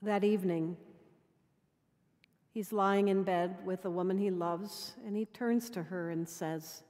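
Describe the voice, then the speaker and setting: A woman's voice: on the low side, steady tone. Woman preaching in a reverberant cathedral. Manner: measured storytelling, drops to quiet intimacy. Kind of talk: sermon.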